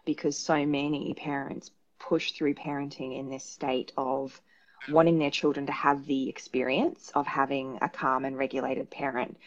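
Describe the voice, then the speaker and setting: A low-pitched woman talks frankly as a psychologist guest, repeating herself when she gets emphatic. Her voice comes through a dull, lo-fi video call line. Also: little pitch movement, moderate pace. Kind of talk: casual interview chat.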